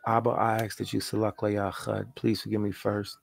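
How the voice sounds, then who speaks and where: A man's voice: on the low side, little pitch movement, normal speed, gravelly, no echo. A man leading a spoken prayer, chanting repeated invocations and confessing his faults. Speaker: prayer leader.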